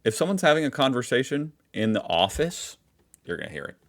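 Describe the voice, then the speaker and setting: A man's voice: mid-range voice, very animated, fairly quick, fairly bright tone. An American man hosting a reaction video, making wry, joking asides. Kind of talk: casual reaction commentary.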